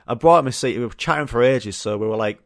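A Yorkshire man who hosts a podcast tells rambling stories in a casual, chatty way, full of fillers and the odd swear word. His medium-pitched voice moves at a quick pace, recorded in studio quality with no room sound.

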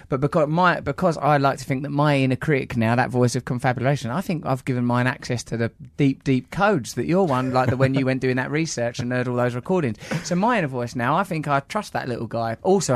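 Fast-talking playful host. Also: male voice, mid-range voice, no room sound. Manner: playful, teasing, riffs with jokes. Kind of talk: casual conversational interview.

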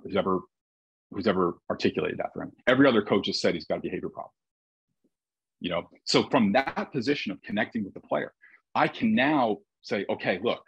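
A man's voice: deep voice, gravelly, breathy edge, no room sound, lo-fi sound. A man who coaches baseball, telling stories in a casual, reflective conversation with frequent restarts.

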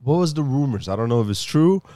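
A man's voice: mid-range voice, animated, quick pace, warm tone, dry recording, studio quality. A man co-hosting a casual podcast, playful and goofy, breaking into sing-song bits. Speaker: podcast co-host.

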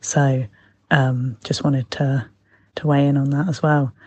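A caller in their twenties leaves a giggly, rambling voicemail. The voice is husky and a little breathy, recorded dry and close. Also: mid-range voice, flat delivery, unhurried, darkish tone, dry recording. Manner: giggly, self-mocking, rambling. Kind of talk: voicemail to a podcast.

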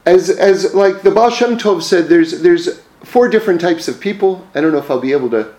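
A man's voice: high voice, lively intonation, moderate pace, a little mellow, reverberant. A man telling religious teaching stories in a conversational way, with frequent fillers and self-corrections. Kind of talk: storytelling religious lesson.

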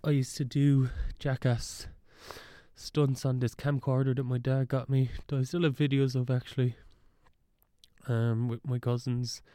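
A young man talks in a loose solo monologue, drifting between thoughts and cutting himself off mid-sentence with a wry edge. His voice is mellow and dark. The sound is dry and close. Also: mid-range voice, little pitch movement, unhurried, no room sound. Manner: rambling, wry, self-interrupting. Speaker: podcast host.

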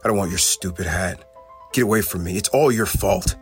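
Lady-free: man reading goblin bully boy, mean, loud, scowly, pretty deep. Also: a little fast, soft background music, lightly acted. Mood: angry shouting. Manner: loud, shouting.

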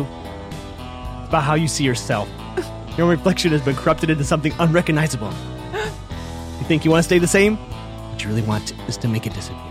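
A man's voice: medium pitch, close to an everyday voice. A man reading the part of a grave confidant who warns an actress, in an intense dramatic style.

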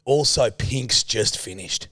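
A man's voice: medium pitch, slow, fairly bright tone, no echo, clean studio sound. A man with an Australian accent, a podcast co-host telling a story in casual, sweary chat.

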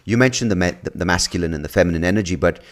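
A man with a low voice hosts a conversational interview. He is animated and laughs easily, and he often restarts his thoughts in the middle of a sentence. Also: racing. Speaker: podcast host.

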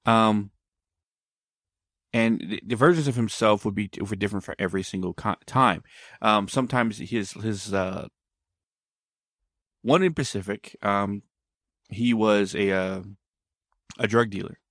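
A man's voice: fairly low pitch, a little slow, long pauses, a bit bright, dry recording, studio quality. A man telling a story in casual conversation, meandering and often backtracking to explain himself.

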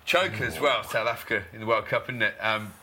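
A man's voice: on the low side, sharp tone, a little hiss or hum. A man co-hosting a podcast, chatting casually and telling stories with plenty of laughs. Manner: laughs often, quick anecdotes with mimicked quotes. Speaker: podcast co-host, former cricketer.

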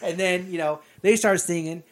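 A man co-hosting a podcast, casually recapping a movie and acting out characters' lines in loud voices. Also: high-pitched, moderate pace. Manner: animated, acts out lines in shouted voices. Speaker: podcast co-host.

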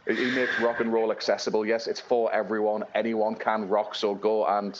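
A rather low-voiced man talks loosely as an interview guest, full of "uh"s and restarts. The sound is muffled video call audio with faint hiss behind it. He wanders through his points in an easygoing way. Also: little pitch movement, fairly quick. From Northeast England. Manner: rambling, many fillers and restarts. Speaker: blues-rock musician guest. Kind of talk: casual interview chat.

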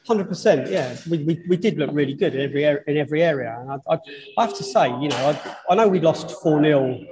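Higher voiced guy, lots of ums, crowd chatter behind him. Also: animated, low-quality recording. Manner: halting, many fillers. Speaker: podcast co-host. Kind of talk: casual podcast chat.

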